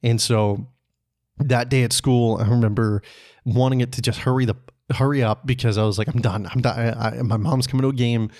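A man from Canada telling a personal story on his podcast in a relaxed, conversational way, chuckling often and swearing casually. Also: mid-range voice, fairly quick. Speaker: podcast host.

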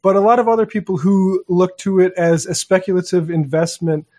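Higher-voiced man co-hosting a podcast. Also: flat delivery, dark tone. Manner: loose, meandering, pauses mid-thought. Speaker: podcast co-host. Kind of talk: casual political podcast chat.

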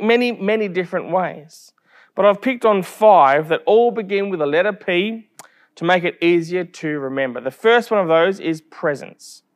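A man preaching a sermon in a fairly high voice. He carries the talk through stories and brings the people he quotes to life as he goes. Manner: storytelling with lively quoted asides.

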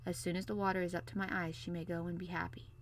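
A woman's voice: lowish voice, fast talker, a little hiss or hum, lightly acted, low-quality recording. A woman voicing a cool, courteous young prince. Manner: calm, polite, a little wistful.

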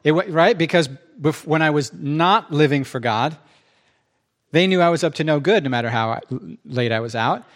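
A middle-aged man preaching, telling his testimony in an animated, self-interrupting way and acting out quotes. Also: fairly high pitch, normal speed. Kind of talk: testimony storytelling.

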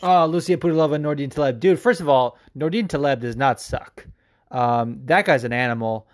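A man's voice: medium pitch, a little fast. A man hosting a podcast, answering listener questions in a rambling, profane, enthusiastic way. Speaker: podcast host. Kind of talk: casual chat.

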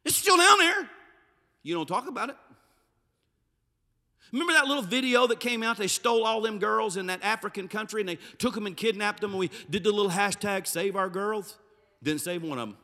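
A preacher delivering a sermon with a high, piercingly bright voice. He swings from loud, forceful bursts down to low, hushed phrases. The sound rings with a long reverb. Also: fairly quick. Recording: reverberant hall.

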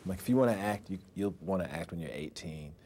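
A very deep-voiced man chatting as an interview guest, easygoing and dryly funny. There is a faint hiss under the voice. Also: quick pace. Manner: relaxed, wry. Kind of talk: casual interview chat.

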